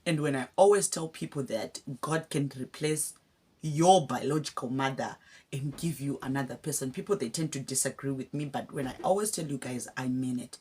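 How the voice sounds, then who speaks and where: A woman's voice: extremely low pitch, darkish tone, slightly rough. A young Zimbabwean woman with a Zimbabwean accent, talking heartfelt and casual to her viewers in a vlog. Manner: heartfelt, addresses viewers as guys. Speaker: vlogger. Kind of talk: casual emotional talk to camera.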